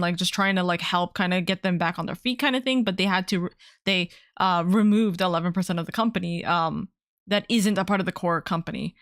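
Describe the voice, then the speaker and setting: A woman streaming from home as a VTuber, chatting casually in a rambling, excitable way and swearing freely. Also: mid-range voice, no room sound, studio quality. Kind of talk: casual livestream chat.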